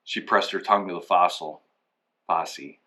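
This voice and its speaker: A man's voice: low voice, steady tone, moderate pace, pushed and bright. A man telling a rambling comedic story, acting out both sides of each conversation. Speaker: comic storyteller. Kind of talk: comedic anecdote monologue.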